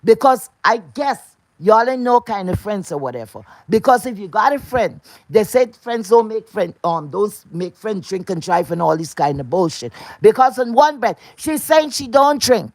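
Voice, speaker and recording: A woman's voice: on the high side, sing-song, a little slow, darkish tone, no echo. A woman delivering an angry, profane, confrontational rant to camera.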